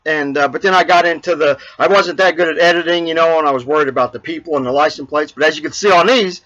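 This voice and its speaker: High bright rambling man. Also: fast, muffled recording. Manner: rambling, many fillers and restarts, laughs at own jokes. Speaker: vlog host. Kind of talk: casual chat and joke telling.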